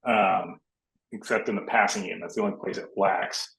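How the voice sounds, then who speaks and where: A man co-hosting a casual sports betting podcast, breaking down matchups in a measured way. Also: sits low, steady tone, vocal fry, a bit bright. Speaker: podcast co-host. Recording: roomy echo.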